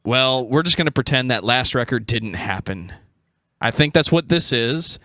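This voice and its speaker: A man's voice: medium pitch, expressive, moderate pace, pushed and bright, dry recording. A man hosting a podcast, chatting casually with dry, joking asides. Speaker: podcast host.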